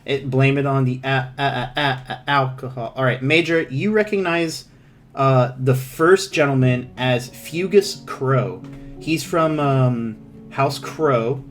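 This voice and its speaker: A man narrating as game master, rambling and halting, with many fillers and restarts. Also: medium pitch.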